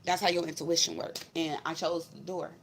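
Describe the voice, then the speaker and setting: A woman's voice: deep voice, little pitch movement, normal speed, creaky, a little hiss or hum. A woman vlogger telling a personal spiritual story in a blunt, emphatic, profane way. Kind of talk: casual storytelling to camera.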